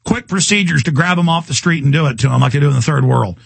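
A man's voice: a little high, quick pace, gravelly, slightly rough, no room sound. A male radio host delivering an agitated, ranting talk radio monologue, often stumbling over repeated words.

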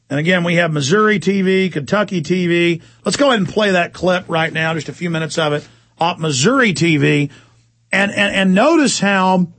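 A man's voice: high-pitched, gravelly, fairly bright tone, breathy edge, no echo. A man hosting a political talk show, ranting heatedly with sarcastic asides. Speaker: talk radio host.

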